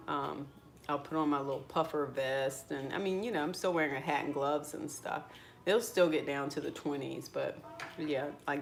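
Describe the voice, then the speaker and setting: Woman, deep for a woman, chatty, rambling, casual vlog talk. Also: a little hiss or hum. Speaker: vlogger. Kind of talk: casual chat while eating breakfast.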